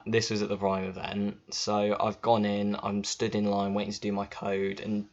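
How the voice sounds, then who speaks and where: A man's voice: lowish voice, completely flat delivery, normal speed. A man telling a story to camera in a chatty, informal way, swearing freely, recorded on a laptop microphone. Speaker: vlogger. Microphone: built-in laptop mic. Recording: dull lo-fi laptop audio.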